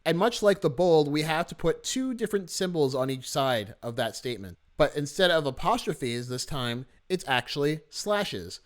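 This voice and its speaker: A man teaching a software workshop, explaining step by step in a friendly, animated way and stressing key words. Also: fairly high pitch, moderate pace, few pauses. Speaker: workshop instructor. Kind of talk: screen-recorded software tutorial.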